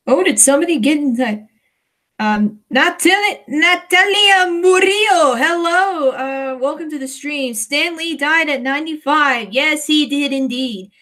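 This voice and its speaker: A woman from the United States hosting a casual livestream, hesitant and emotional, close to tears, with many pauses and restarts. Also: high voice, expressive, a bit bright. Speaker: livestream host.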